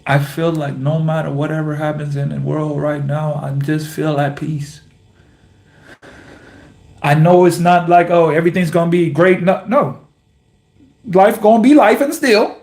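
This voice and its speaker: A young man hosts his own basketball vlog, speaking. He talks in a slow, earnest, repetitive way, with long pauses between his thoughts. His voice sits a little high for a man. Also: steady tone, gravelly, a little mellow. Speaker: basketball vlogger, host of the channel. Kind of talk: reflective personal vlog monologue.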